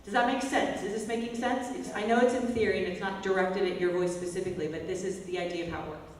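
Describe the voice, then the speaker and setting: A woman's voice: mid-range voice, fast talker. Woman vocal coach in an echoey hall. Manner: energetic, demonstrates loud whiny and bratty exercise calls. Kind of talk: workshop teaching with vocal demonstrations. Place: large echoey hall, workshop. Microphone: distant from the mic. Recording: echoey hall, voice from far off, faint music.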